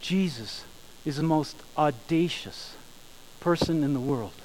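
A man preaching a sermon, emphatic, slowing down and rising in volume on key phrases. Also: on the high side, darkish tone, slight background noise, poor audio. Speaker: pastor.

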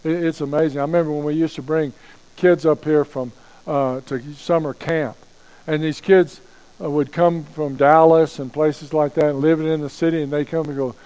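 A man preaching a sermon as pastor, slowing down to stress key phrases and asking rhetorical questions. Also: a little high, a little mellow, clean tone, poor audio.

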